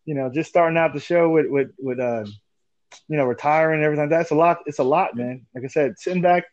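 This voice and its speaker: Man, forties, casual podcast host, animated storyteller, laughs a lot, higher voice, dull lo-fi dry audio. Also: fast talker, dry recording. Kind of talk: casual chat.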